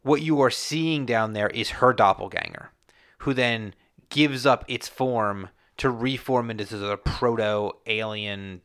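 A man's voice: medium pitch, unhurried, a bit bright, clean tone. A man co-hosting a casual movie chat, explaining his theories with frequent stumbles and restarts. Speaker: podcast co-host.

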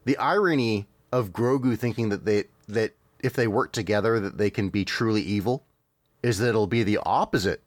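A man's voice: lowish voice, normal speed, no echo. A man hosting a casual podcast, chatting about cartoons in a rambling way with fillers and laughs. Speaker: podcast host.

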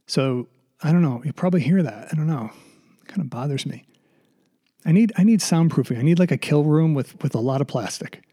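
A middle-aged man hosts a podcast solo, his fairly high, expressive voice brisk, dark-toned and slightly rough. He rambles sarcastically and nervously, sighing, restarting often and swearing freely in a casual monologue.

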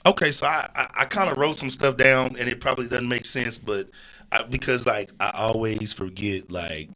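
Man, casual guest on a podcast, relaxed and chatty, bright clear tone. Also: medium pitch, normal speed, low-quality recording. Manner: laid-back, heavy use of "you know what I'm saying". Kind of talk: casual chat. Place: indoors, seated at a table with beers.

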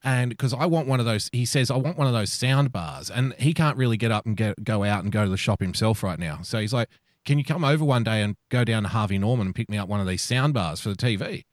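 A man's voice: fairly low pitch, fast, dry recording, clean studio sound. Sweary Australian man telling a story. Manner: animated storyteller, swears freely. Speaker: podcast co-host. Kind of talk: casual chat on a live stream.

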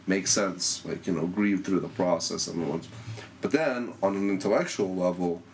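A man with a very low voice joins a casual group discussion. He talks haltingly, filling his speech with many fillers. A faint noise hums in the background. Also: darkish tone, far from the mic, rough recording. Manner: hesitant, many filler words.

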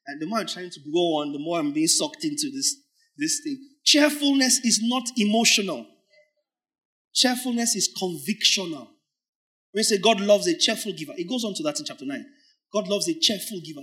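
Animated, bright-voiced male preacher. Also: fairly high pitch, moderate pace, long pauses. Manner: rhetorical questions, teasing, animated. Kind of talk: sermon.

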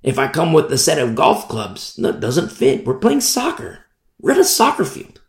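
A man preaching a Bible sermon in a conversational way, repeating and restarting phrases and slowing down to stress key words. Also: fairly high pitch, huge pitch swings, reverberant.

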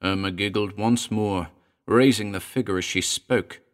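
A man narrating a short horror story in a dramatic reading, moving between hushed and urgent delivery. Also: fairly low pitch, steady tone, unhurried.

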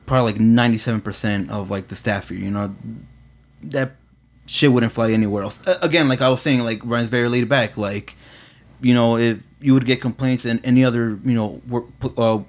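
A man's voice: mid-range voice, fairly even intonation, normal speed. A man talking casually about his workplace, rambling with lots of fillers. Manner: rambling, heavy on fillers and "you know". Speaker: employee. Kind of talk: casual chat.

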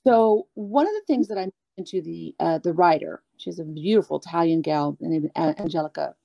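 A woman being interviewed as a guest singer, talking candidly and at length, animated, acting out the people she quotes. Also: on the low side, brisk, creaky, no echo, dull audio. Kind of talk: candid storytelling chat.

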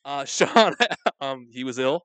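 A man's voice: medium pitch, fairly bright tone, clear, resonant tone, no room sound. A man co-hosting a podcast in casual chat, playful and jokey. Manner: playful, jokey, quick to laugh.

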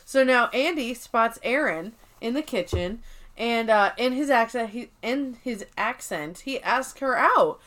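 A woman's voice: a little high, a little slow. A woman co-hosting a podcast, casually recapping an episode and acting out characters' lines with a lot of energy. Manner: animated retelling, acts out characters' lines; swears casually. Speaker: podcast co-host.

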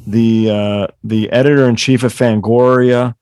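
A man in casual conversation with an eager, tumbling way of telling a story, full of restarts and cheerful swearing. His voice sits at an ordinary middle pitch and sounds dry and close, with no room around it. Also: steady tone, unhurried, darkish tone, clean tone, no room sound. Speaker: podcast host, guest. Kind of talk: casual chat.

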